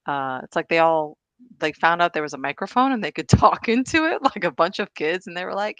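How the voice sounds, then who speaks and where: A woman's voice: fairly low pitch, expressive, fairly quick, fairly bright tone, no echo. A woman presenting and discussing on a video call, chatty and enthusiastic, laughing often. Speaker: guest presenter.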